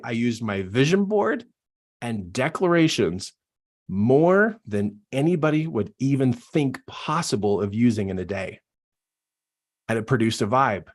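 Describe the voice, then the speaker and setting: A man giving an emphatic, repetitive motivational talk as a business coach, animated and preaching. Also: medium pitch. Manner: animated, acts out quoted voices.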